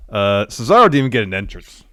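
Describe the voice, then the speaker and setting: A man's voice: fairly low pitch, very animated, fast talker, a bit bright, no echo, studio quality. A man co-hosting a podcast, recapping a wrestling show in a laid-back, plain way. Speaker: podcast co-host. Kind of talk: casual wrestling recap chat.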